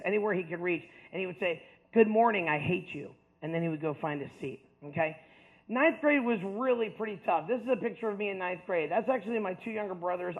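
A man speaking to a school audience, telling a personal story with jokes, moving between loud punchlines and quieter stretches. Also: high voice. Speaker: motivational speaker. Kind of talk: storytelling talk to students. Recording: tinny phone-like audio.

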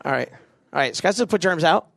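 A man's voice: a little high, expressive, vocal fry, fairly bright tone, dry recording, clean studio sound. Goofy young man leading a crowd game. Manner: goofy, quick asides, acts out voices. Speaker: youth event speaker leading a game. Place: event venue with a live audience.

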